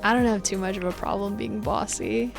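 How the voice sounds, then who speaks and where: A woman's voice: mid-range voice, steady tone, brisk, vocal fry, music in the background. A young woman streaming live, chatting casually with her viewers in a bossy, laughing way and acting out what people say. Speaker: Twitch streamer.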